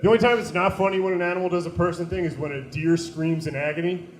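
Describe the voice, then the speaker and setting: A young man doing a stand-up set, telling stories in a deadpan way and breaking into loud put-on voices. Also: a little high, quick pace. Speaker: stand-up comedian. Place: small comedy venue. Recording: echoey room.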